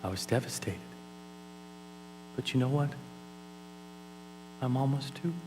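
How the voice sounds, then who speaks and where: A man giving a keynote talk at a conference, telling a personal story in an animated way and acting out scenes. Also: medium pitch, a little slow, background noise. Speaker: keynote speaker. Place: conference hall.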